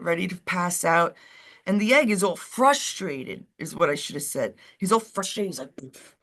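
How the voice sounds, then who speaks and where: A woman's voice: lowish voice, a bit bright. A woman co-hosting a live stream, chatting casually and rambling while she calls her dog over. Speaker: co-host of a live show.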